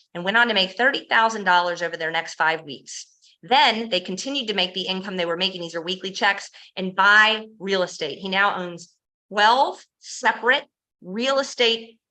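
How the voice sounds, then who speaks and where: A woman giving an energetic sales presentation, telling success stories, asking the audience rhetorical questions and acting out quoted dialogue. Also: medium pitch, low-quality recording. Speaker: presenter pitching a home business.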